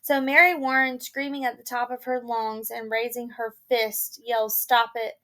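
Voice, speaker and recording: A woman's voice: on the high side, level tone, moderate pace, sharp tone. A woman teacher casually explaining and summarizing a play between readings, chatty and full of "like" and "you know".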